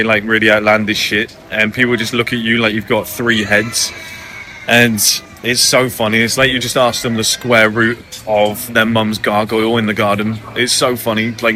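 Casting: young guy vlogging from a cafe, lowish voice with a bright, forceful edge, cocky banter and frequent swearing. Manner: brash, joking, swears freely. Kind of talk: casual talk to camera. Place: cafe by the water.

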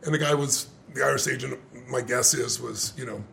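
An older man telling a story in conversation, animated, swearing casually and laughing often. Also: mid-range voice, brisk, creaky, slight background noise.

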